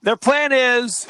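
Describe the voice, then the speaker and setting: Bright, high-voiced animated man. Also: smooth, dry recording. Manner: animated, jokey, recaps the plot with quoted asides. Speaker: podcast co-host. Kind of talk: casual movie-review chat.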